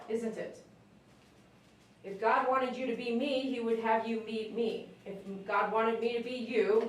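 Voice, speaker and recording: A woman's voice: a little high, slight background noise. A woman dog groomer chatting casually on a live stream as she works, coaxing the dog in a sing-song voice. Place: grooming room. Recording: very echoey room, mic at a distance.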